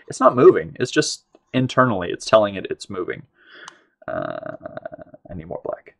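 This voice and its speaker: A man's voice: mid-range voice, huge pitch swings, normal speed, creaky, pauses often, slightly rough. A man in his thirties from the United States, chatting casually and rambling on a live art stream while he paints. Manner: rambling, chatty, often trails off and restarts. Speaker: livestream art host.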